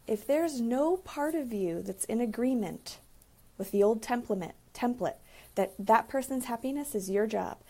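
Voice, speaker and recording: A woman therapist and relationship coach talking casually about boundaries, acting out quoted conversations with lively emphasis. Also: on the high side. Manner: animated, acts out quoted dialogue. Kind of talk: casual advice monologue.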